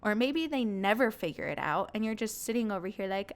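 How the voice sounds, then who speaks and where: A young woman talks openly to her listeners in a personal podcast monologue. She comes across as earnest and candid, with short laughs slipping in. Her pitch sits in a middle range. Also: expressive, fairly quick, few pauses. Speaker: podcast host.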